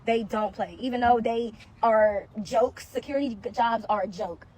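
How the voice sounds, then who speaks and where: A woman's voice: fairly high pitch, moderate pace, slightly rough. A woman who used to work as a security guard, telling a casual story to the camera and acting out what other people said. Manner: animated, acts out other people's lines.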